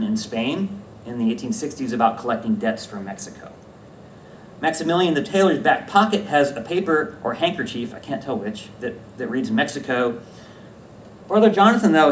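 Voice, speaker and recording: A man giving a conference talk about slides, lively and self-correcting, often checking in with the audience. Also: medium pitch. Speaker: academic conference presenter. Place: lecture room at a conference. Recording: echoey room, distant mic, faint hiss.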